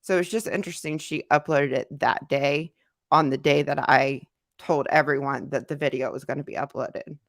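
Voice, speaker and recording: With a cold clogging her voice, a woman casually reads chat comments on her livestream, talking conversationally with many fillers and repeated phrases. She has a low, creaky, steady voice at a moderate pace, recorded in a studio with no echo.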